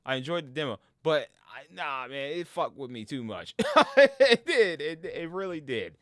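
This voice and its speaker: A man's voice: mid-range voice, moderate pace, no room sound, clean studio sound. A man ranting casually as a gaming streamer, swearing and tripping over his words. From New York. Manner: animated, profane, stumbles over words.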